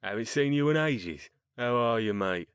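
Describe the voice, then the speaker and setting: A man's voice: medium pitch, expressive, normal speed, clean tone, no room sound, close to an everyday voice. A man doing a boisterous Cockney chap. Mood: hearty. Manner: boisterous and chummy. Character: rough cheerful Cockney man, small and wiry.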